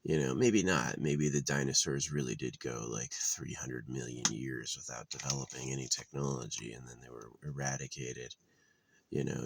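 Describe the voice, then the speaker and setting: A man's voice: rumbling low, creaky, no room sound. A man rambling in a blunt, crude monologue outdoors, full of fillers and restarts. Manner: meandering, crude, blunt opinions with many fillers.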